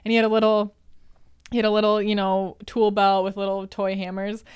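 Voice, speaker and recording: A woman sits in as a guest on a comedy podcast and chats casually. She tells family stories at length, laughs often, and slips into impressions. Her voice sits at a mid pitch and comes out smooth and clear. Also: flat delivery, brisk, darkish tone. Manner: chatty storyteller, laughs often, does impressions. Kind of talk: casual chat.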